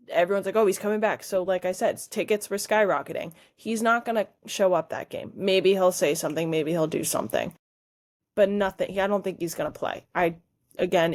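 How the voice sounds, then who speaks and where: A woman's voice: fairly low pitch, darkish tone. A woman co-hosting a sports podcast, talking bluntly and with firm opinions in casual chat. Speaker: podcast co-host.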